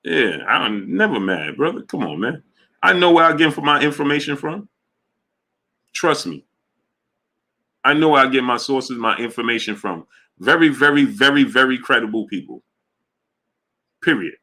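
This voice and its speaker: A man hosting a boxing livestream, talking casually to his chat in an animated, emphatic way, often repeating himself. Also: mid-range voice, moderate pace, long pauses. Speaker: boxing show host.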